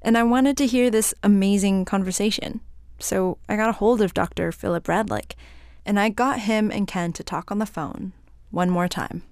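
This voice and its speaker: A woman's voice: medium pitch, normal speed, a little mellow, dry recording, clean studio sound. Woman narrating a radio story.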